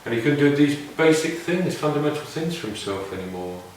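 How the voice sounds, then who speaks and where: A man's voice: mid-range voice, sing-song, brisk, a little hiss or hum. A man telling casual, meandering anecdotes in a reflective way. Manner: meandering, reflective, with many restarts. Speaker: didgeridoo player sharing stories. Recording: very echoey room, mic far off.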